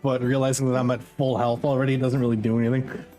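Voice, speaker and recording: A man's voice: medium pitch, flat delivery, fast, mellow, faint music behind. Laid-back male tabletop player. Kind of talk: casual chat.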